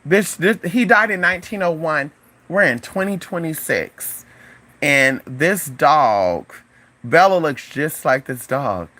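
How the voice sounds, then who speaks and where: A spiritual advisor chatting casually on a livestream, animated and profane, calling viewers "honey" and "y'all", with sudden high exclamations. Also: takes it slowly.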